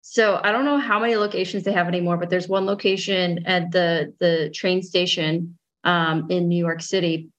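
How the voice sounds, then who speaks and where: A woman co-hosting a podcast, chatting casually with her sister in a relaxed, dry way. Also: on the low side, normal speed, hardly any pauses, highs cut off. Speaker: podcast co-host. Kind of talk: casual chat. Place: home in Italy.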